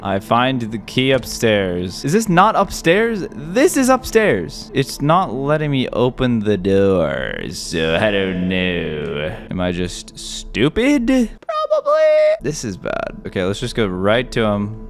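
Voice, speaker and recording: A young man hosting a horror game playthrough, excitable, jumping from low muttering to loud yelps. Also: slow pace, soft background music. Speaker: gaming video host. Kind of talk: let's-play horror game commentary.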